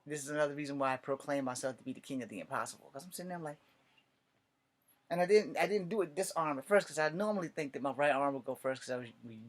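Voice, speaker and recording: A man from the United States spinning loose, profane stand-up stories. He rambles from one tangent to the next and laughs at his own punchlines, in an easy amateur delivery. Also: fairly high pitch. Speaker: amateur comedian.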